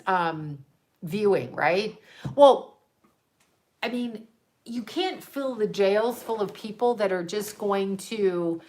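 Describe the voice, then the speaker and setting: A woman's voice: on the high side, a bit bright. A woman from Canada chatting casually on a livestream, ranting and wandering between topics while answering viewers. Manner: ranting, digressive, chats with viewers. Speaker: livestream host. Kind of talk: casual rambling chat.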